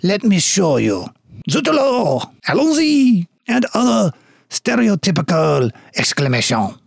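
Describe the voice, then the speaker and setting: A man's voice: high voice, huge pitch swings, unhurried, vocal fry, no room sound, studio quality, voice pushed up, full character voice. A man voicing a vengeful male vintner turned goop monster, with a fake French accent in a theatrical villain monologue.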